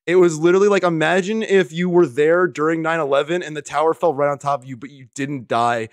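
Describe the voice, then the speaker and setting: A young man doing casual gameplay commentary, loud and profane and often laughing, on a home microphone that peaks. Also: on the high side, quick pace, no room sound. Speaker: gaming streamer.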